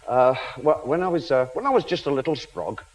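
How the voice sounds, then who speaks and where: A man's voice: a little high, big pitch swings, a little fast, highs cut off. A man in his fifties, a chat show guest in a television studio, telling self-mocking anecdotes and laughing through them. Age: 50s.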